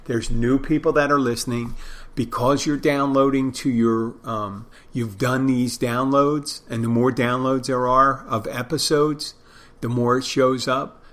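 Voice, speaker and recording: A man's voice: medium pitch, steady tone, unhurried, fairly bright tone. A middle-aged man with a Philadelphia accent hosting a podcast alone, rambling through casual, profane asides about himself. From Philadelphia area. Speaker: podcast host. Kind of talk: casual solo monologue.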